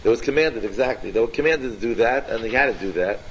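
A man teaching an informal Torah class, animated and repetitive, quizzing his students by name. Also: medium pitch, fast talker, lo-fi sound, slight background noise.

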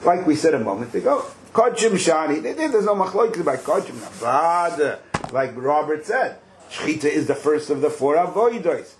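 A man's voice: on the high side, big pitch swings, moderate pace, slight background noise, low-quality recording. A man leading a text study lesson, explaining with rhetorical questions and joking asides. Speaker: teacher leading a study class.

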